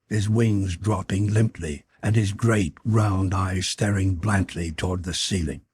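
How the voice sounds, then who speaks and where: A man reading an adventure novel aloud as an audiobook narrator, in a measured, dramatic way. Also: lowish voice, a little mellow, breathy edge, no room sound. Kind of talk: scripted narration.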